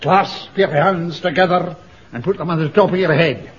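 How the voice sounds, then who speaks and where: An actor playing a dour, theatrical old soldier, speaking slowly and mysteriously. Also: male voice, fairly high pitch, husky. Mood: dramatic. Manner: slow, dramatic, mysterious. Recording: dull lo-fi radio recording with faint hum.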